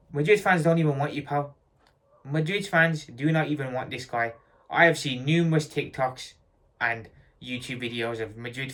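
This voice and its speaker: A man's voice: medium pitch, fairly bright tone. A man giving a blunt, repetitive fan rant about football, hammering his points home.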